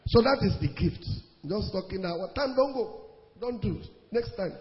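High-voiced Nigerian pastor preaching in a hall. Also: male voice, animated, normal speed, soft background music. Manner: emphatic preaching, repeats phrases, swings between loud and hushed. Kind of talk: sermon. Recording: long hall reverb, dull lo-fi sound.

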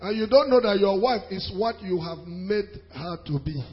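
High-voiced preacher in a hall. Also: male voice, normal speed. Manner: animated preaching with pidgin asides and laughter. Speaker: pastor. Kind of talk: sermon. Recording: dull sound in a reverberant hall.

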